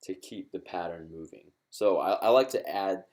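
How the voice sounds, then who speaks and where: A man's voice: low-pitched, moderate pace, a little mellow. A man teaching ukulele in a live-streamed lesson. He is encouraging and chatty, with many fillers and restarts.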